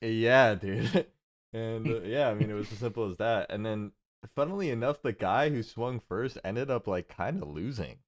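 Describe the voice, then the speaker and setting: A man's voice: fairly low pitch, normal speed. A young man telling a long story in casual podcast chat, with lots of fillers and laughs. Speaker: podcast co-host.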